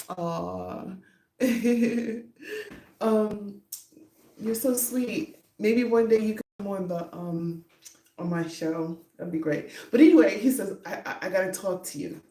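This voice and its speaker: Woman, podcast host, rambling casual chat, giggly, warm dark tone, roomy echo. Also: medium pitch.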